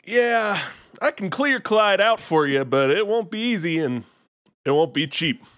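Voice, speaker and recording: Man playing a Southern ghost exterminator, homespun, seen-it-all, slightly higher voice. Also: big pitch swings, a little slow, a bit bright, full character voice. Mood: folksy. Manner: drawling, homespun, world-weary boasting. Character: folksy male Southern ghost exterminator, unfazed. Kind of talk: improvised comedy role-play.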